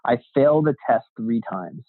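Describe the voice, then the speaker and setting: Low-voiced man telling a story on a tinny line. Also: normal speed, no echo. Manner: animated storyteller acting out quoted dialogue; frank, swears casually. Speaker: guest, real estate agent. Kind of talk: casual storytelling interview. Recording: dry, tinny phone-like sound.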